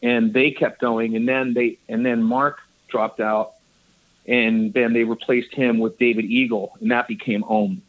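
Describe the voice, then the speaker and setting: A man, a guest bass player, telling stories in a casual interview, rambling and enthusiastic, laughing often. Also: little pitch movement, a little slow. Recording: dull lo-fi audio.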